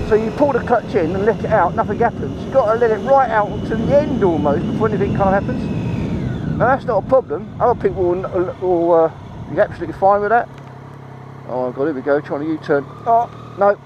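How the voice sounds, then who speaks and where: A man giving a chatty, excitable ride-along review of a motorbike, swearing freely, talking into a helmet mic outdoors. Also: sits high. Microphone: helmet-mounted mic. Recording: muffled, engine and road noise.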